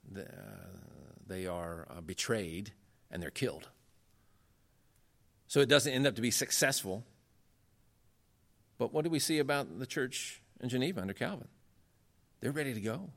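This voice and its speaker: A man giving a lecture on church history, earnest and emphatic, talking in a conversational way and pushing his voice up to stress points. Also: a bit bright. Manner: earnest, emphatic, rising in pitch when making points; conversational with frequent fillers.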